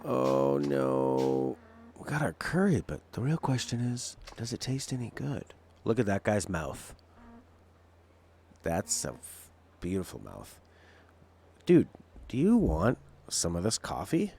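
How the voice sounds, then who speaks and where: A male streamer gives casual play-by-play commentary that drifts into opinions and jokes. His voice sits low. His intonation is lively and bounces up and down. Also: takes it slowly, long pauses, a little hiss or hum. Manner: rambling, opinionated, jokey. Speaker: game streamer.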